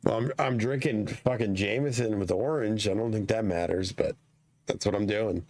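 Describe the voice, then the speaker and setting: A man talks in a loose, profane podcast chat, his voice hoarse and nearly gone. His low voice is gravelly and creaky throughout. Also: moderate pace, darkish tone. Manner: swears casually, laughs often. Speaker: podcast guest. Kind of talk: casual chat.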